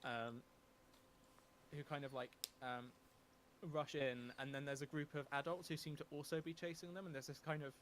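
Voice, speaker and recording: A man's voice: fairly high pitch, steady tone, normal speed, background noise. A man narrating a tabletop game as game master, talking with many ums and restarts.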